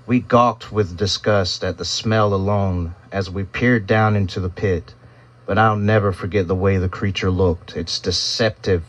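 Man narrating a story in a lowish voice. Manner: reflective, steady storytelling. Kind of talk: first-person story narration.

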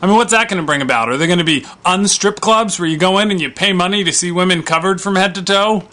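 A man's voice: high voice, quick pace, bright, forceful tone. A male comedian delivering a sarcastic, rambling comic monologue, with plenty of fillers.

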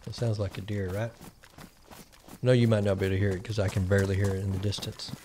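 A man's voice: on the low side, level tone, quick pace, noisy background. Man rambling through gameplay commentary. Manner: rambling, thinking aloud while playing. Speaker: gaming channel host.

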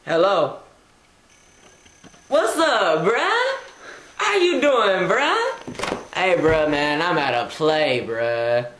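A woman's voice: lowish voice, huge pitch swings, drawn-out words, long pauses, a bit bright, echoey room, slight background noise, exaggerated voice. A woman plays a bored young man who is chatting on his phone during a play. He talks in slang, drawls, and keeps saying "bruh". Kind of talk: amateur comic skit.

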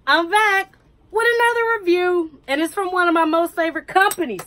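A woman's voice: very high-pitched, moderate pace, fairly bright tone, a little hiss or hum. A woman, chatting to camera in a wig review vlog, joking and teasing herself. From United States. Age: 30s. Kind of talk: casual chat to camera.

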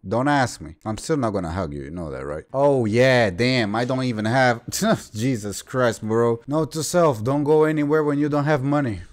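A man giving excitable let's play commentary, swearing and ranting at the game. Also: medium pitch, normal speed, hardly any pauses. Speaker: gaming youtuber. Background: faint game music.

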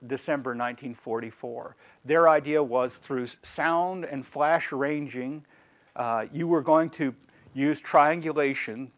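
A man giving a conversational history lecture with slides as a guest speaker, wry and digressive. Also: mid-range voice. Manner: wry, digressive, lively storyteller.

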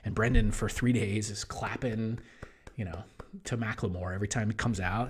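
A man talking as an online business coach in a casual promotional monologue, energetic, jumping between loud bursts and hushed asides. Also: on the low side, moderate pace, breathy edge. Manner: mimics other people in quoted voices.

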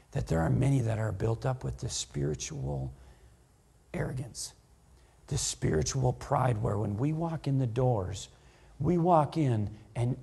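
A man preaching a sermon as pastor, dramatic, swinging from loud to hushed delivery. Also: medium pitch, gravelly, breathy edge. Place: church.

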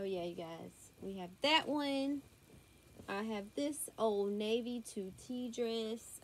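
A woman's voice: mid-range voice, slight background noise. A young woman with a thick Southern US accent, chatting casually through a clothing haul at home with her daughter nearby. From Southern United States. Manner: chatty, drawling, says y'all a lot. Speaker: vlogger. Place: home room. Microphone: tablet built-in mic.

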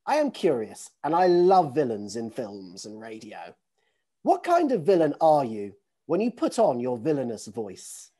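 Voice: mid-range voice, huge pitch swings, a little slow, dark tone. An interviewer asking prepared questions in an encouraging, admiring manner. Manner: encouraging and admiring toward the guest.

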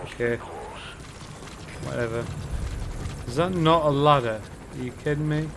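A man casually commenting on his own gameplay, swearing a lot with loud frustrated outbursts. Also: medium pitch, unhurried, vocal fry, heavy background noise. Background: game sounds.

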